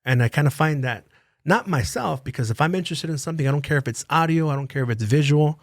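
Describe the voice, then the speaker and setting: A man's voice: fairly high pitch, fast, no echo, studio quality. A man on a podcast, ranting heatedly, swearing constantly and repeating phrases. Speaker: podcast guest. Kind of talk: casual profane rant. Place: podcast studio.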